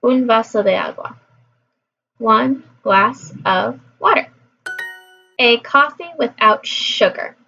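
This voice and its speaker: A woman's voice: fairly high pitch, slow, gravelly, long pauses, pushed and bright, faint music behind. A woman vlogging her language practice in casual chat, repeating phrases aloud to her viewers. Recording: dull lo-fi recording.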